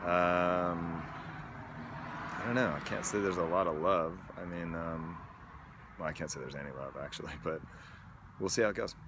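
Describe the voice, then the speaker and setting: A man talks in a candid personal video diary, reflective and halting, with many pauses. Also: deep voice, fairly even intonation, background noise. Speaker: vlogger.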